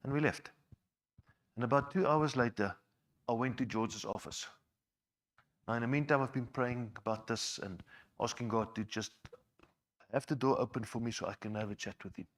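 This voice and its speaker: A man's voice: mid-range voice, normal speed, pauses often. A man giving a personal testimony to a church, conversational and repeating words as he goes. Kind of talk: personal testimony told to a congregation.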